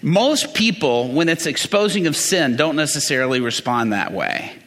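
Bright-voiced preacher man in a reverberant hall. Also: on the high side, expressive, normal speed. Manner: asks the congregation questions, talks through Bible passages. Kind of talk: conversational sermon.

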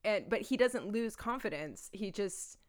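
A woman co-hosting a casual film podcast, relaxed and thoughtful, with soft laughs. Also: medium pitch, unhurried. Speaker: podcast co-host.

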